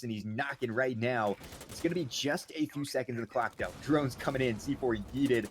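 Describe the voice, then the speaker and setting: Guy doing hype play by play for an esports match, goofy banter, normal pitched voice. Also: a little fast, slight background noise. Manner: excitable, jokey banter between calls. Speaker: esports caster.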